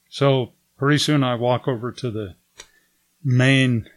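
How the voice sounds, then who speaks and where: An older man shares a personal testimony as an animated storyteller. He talks at a middle pitch and slips into other people's lines as he recounts events. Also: slow pace. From United States. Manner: lively storyteller who acts out the dialogue. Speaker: guest giving a testimony.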